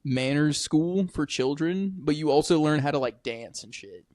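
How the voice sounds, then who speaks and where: A man's voice: on the high side, lively intonation, normal speed, a little mellow, dry recording, studio quality. A man, chatting casually and swearing as he tells stories. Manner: loose, swearing, slangy storyteller. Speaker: podcast host. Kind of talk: casual chat.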